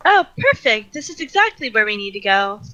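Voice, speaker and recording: A woman's voice: a little high, big pitch swings, brisk, pushed and bright, highs cut off. A woman playing a tabletop game, eager and upbeat as she talks in character. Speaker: player.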